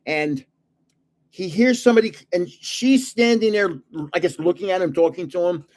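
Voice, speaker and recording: A man's voice: sits high, normal speed, a little mellow. An older man hosting a casual livestream, telling rambling stories and chuckling often. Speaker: channel host giving away trading cards.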